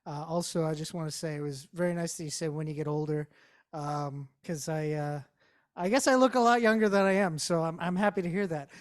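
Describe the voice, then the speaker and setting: A man's voice: a little high, a little fast. Laid-back guy hosting an interview, lots of "uh" and "like". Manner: easygoing, lots of fillers and restarts. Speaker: interview host. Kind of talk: casual interview chat.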